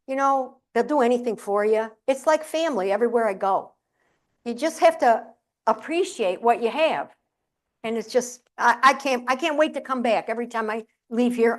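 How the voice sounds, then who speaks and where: Middle-aged ny woman doing a funny keynote, acts out her family, voice a bit high. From upstate New York. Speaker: keynote speaker and humorist. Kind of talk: humorous keynote storytelling. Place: conference room with audience.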